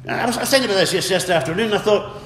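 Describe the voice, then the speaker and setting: A man's voice: high-pitched, rapid-fire, a bit bright, a little hiss or hum. A man preaching a sermon earnestly, repeating words and calling out for amens. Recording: echoey hall with faint ambience.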